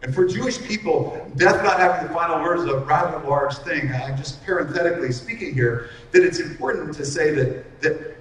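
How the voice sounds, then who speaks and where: A middle-aged man preaching an expository sermon, earnest and slowing down to stress key lines. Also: on the high side, fairly bright tone, slight background noise. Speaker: pastor. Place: large hall with long reverb. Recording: echoey hall from far off.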